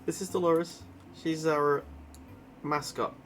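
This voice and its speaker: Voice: mid-range voice, steady tone, slow pace, a little hiss or hum. A player in casual chat at a game table, making joking, teasing remarks.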